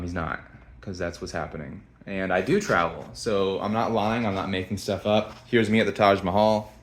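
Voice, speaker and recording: A young man telling a story to camera in a rambling, blunt, profane way with many restarts. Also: low-pitched. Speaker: vlogger. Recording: echoey room.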